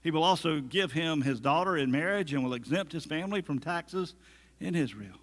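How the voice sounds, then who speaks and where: A man's voice: fairly high pitch, expressive, normal speed, big-room sound. A man preaching a sermon as pastor, conversational, with humorous asides and acted-out quotes. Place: church sanctuary.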